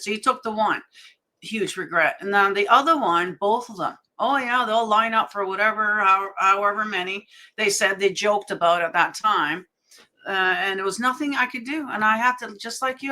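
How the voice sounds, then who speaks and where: A middle-aged woman on a spiritual panel discussion, speaking candidly in a rambling, halting way with many restarts. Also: medium pitch, bright, forceful tone. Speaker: panel guest.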